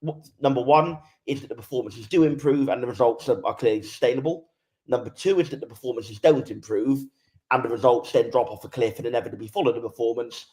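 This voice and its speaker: A man talks football on a fan podcast in a mid-pitched, ordinary voice. He is frank and lays out his argument step by step. It is casual, unscripted chat. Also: fast, a little mellow. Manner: candid, structured argument. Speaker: podcast pundit.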